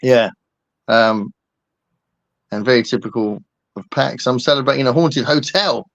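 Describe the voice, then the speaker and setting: A man's voice: medium pitch, a little slow, vocal fry, no room sound. Joking man, rambling chat. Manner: rambling, joking, lots of fillers. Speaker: host. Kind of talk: casual chat.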